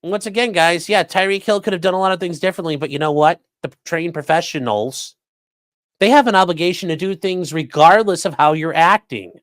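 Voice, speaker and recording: A man's voice: a little high, fairly quick, a bit bright, no echo. A man hosting a live stream, giving casual, sarcastic and profane commentary that rambles along. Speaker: streamer host.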